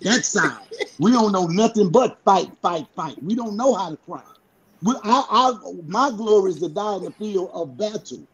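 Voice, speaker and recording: A man's voice: sits high, expressive, normal speed, husky, rough recording. A man on a podcast panel, arguing his point in a blunt, emphatic and profane way. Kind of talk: heated casual debate.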